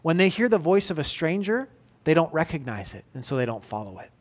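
A man, likely in his thirties, preaching a sermon as pastor, moving between emphatic loud peaks and soft, intimate questions. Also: on the high side, big pitch swings, brisk.

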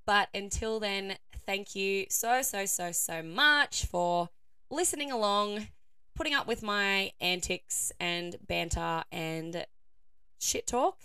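A young woman hosting a casual solo podcast, her voice croaky and hoarse, chatting with lots of fillers and frequent laughter. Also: medium pitch, slow pace, pushed and bright, no echo, clean studio sound. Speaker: podcast host.

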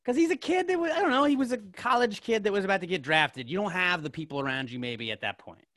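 A man's voice: sits high, animated, fast, a bit bright, dry recording, clean studio sound. A young man co-hosting a podcast, chatting casually in a rambling way full of "like" and restarts. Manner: rambling, filler-heavy, lots of "like". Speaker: podcast co-host. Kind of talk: casual chat.

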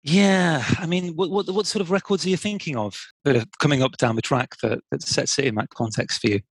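A man's voice: fairly high pitch, steady tone, brisk, breathy edge, no room sound, low-quality recording. A middle-aged man, co-hosting a podcast in casual chat, hesitant with lots of fillers and restarts. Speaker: podcast co-host.

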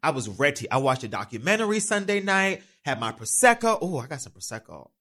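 A man hosting his own podcast, telling a story in a casual, campy, animated way with frequent swearing. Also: fairly high pitch, a little fast. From New York. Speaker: podcast host. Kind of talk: casual solo podcast chat. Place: studio.

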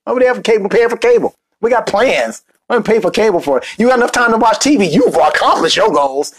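A man hosting a motivational podcast, talking casually and joking as he tells stories. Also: high voice. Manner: joking, animated storytelling with playful asides. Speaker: podcast host and speaker coach.

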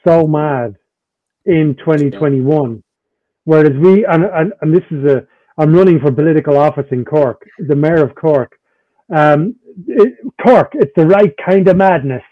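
Wry rambling Irish comic, slightly higher voice, dull dry recording. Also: male voice, normal speed, no echo. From Ireland. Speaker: guest comedian. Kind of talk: casual chat.

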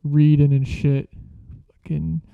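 A man's voice: on the high side, flat delivery, takes it slowly, gravelly, dry recording. A young man casually telling a story from school, slangy and profane, laughing as he goes. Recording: dull lo-fi sound.

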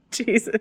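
A woman co-hosting a podcast, chatting casually and reading listener reviews aloud. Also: bright, forceful tone. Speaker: podcast co-host.

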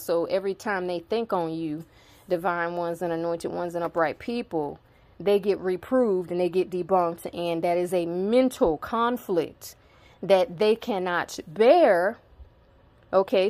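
A woman's voice: lowish voice, darkish tone, no echo. A woman reading Bible verses aloud and breaking off to explain them in casual asides. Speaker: preacher reading scripture. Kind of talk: informal Bible reading with commentary.

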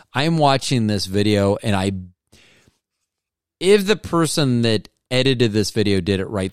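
A man's voice: fairly low pitch, clean tone, no echo, clean studio sound. A man hosting a podcast, telling a casual comedic story in a rambling way, often breaking off and restarting his sentences. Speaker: podcast host.

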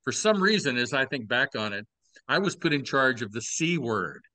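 An older Texan man with a Southern accent spins long, wry stories from his past in a relaxed podcast chat. His voice is bright and forward, and it is recorded close and dry, with no room sound behind it. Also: mid-range voice, no echo. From Texas. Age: 60s. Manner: wry, drawn-out storytelling with playful asides. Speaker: podcast host. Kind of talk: casual storytelling chat.

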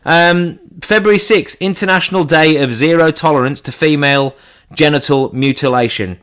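A man giving a comedic monologue in an irreverent, deadpan way, his pitch jumping up for punchlines. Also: moderate pace.

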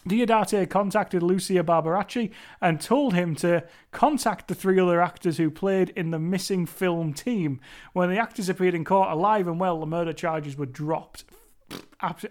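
A young man with a fairly high voice talks through a solo podcast episode. His delivery is loose and enthusiastic, full of restarts and asides. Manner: chatty, rambling, enthusiastic with restarts. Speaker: podcast host. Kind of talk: casual solo podcast review.

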